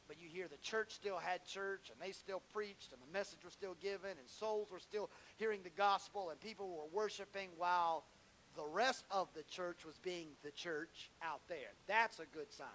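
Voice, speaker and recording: A man preaching a sermon as pastor, in a conversational storytelling way that climbs louder and higher as he gets moved. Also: a little hiss or hum, low-quality recording. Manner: conversational storytelling, rising in pitch and volume as he grows emotional.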